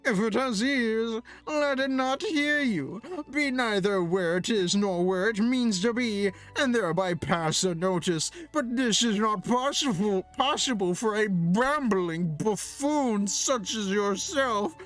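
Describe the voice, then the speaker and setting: A streamer voicing a pompous, condescending male archery guildmaster from a video game, reading his lines in a haughty, drawn-out way. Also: mid-range voice, a bit bright, faint music behind, pitched above the performer's own voice. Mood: scornful. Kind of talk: reading game dialogue aloud.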